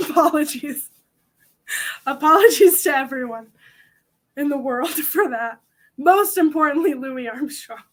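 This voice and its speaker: A woman's voice: high-pitched, lively intonation, measured pace, pauses often, fairly bright tone. A young woman hosting a convention panel, chatting casually to the audience in a rambling, self-mocking way.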